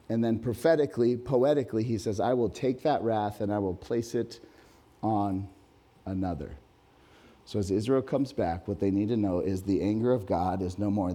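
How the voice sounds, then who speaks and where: Man preaching with a mellow voice. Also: normal speed. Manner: animated preaching, rising loud and high when reading scripture. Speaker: pastor. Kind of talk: sermon. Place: church hall with congregation.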